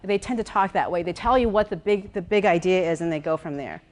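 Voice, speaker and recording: A woman executive coach giving a lively workshop talk, walking around as she speaks, repeating words and checking in with her listeners. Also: fairly low pitch, fast talker. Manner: walks around while speaking.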